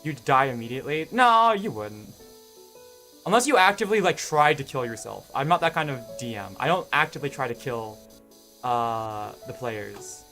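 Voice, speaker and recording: Young guy rambling to his stream chat, lots of ums and restarts, quiet music under him. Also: medium pitch, big pitch swings, normal speed. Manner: rambling, hesitant, many fillers and restarts. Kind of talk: casual live-stream chat with viewers.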